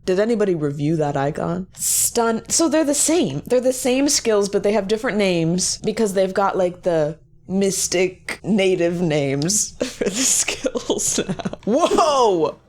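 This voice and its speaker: A woman giving casual, joking gameplay commentary with quick, excitable exclamations. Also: mid-range voice. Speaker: gaming video creator.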